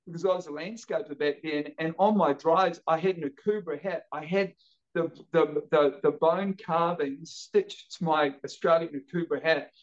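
High-voiced energetic storyteller man. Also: moderate pace, lo-fi sound. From New Zealand. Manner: energetic, acts out quoted voices. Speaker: podcast guest. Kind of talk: animated storytelling.

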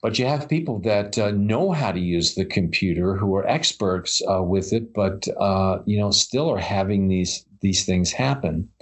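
A man's voice: low voice, moderate pace, hardly any pauses. A man co-hosting a casual chat about paranormal stories, rambling with many fillers and restarts. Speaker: podcast co-host.

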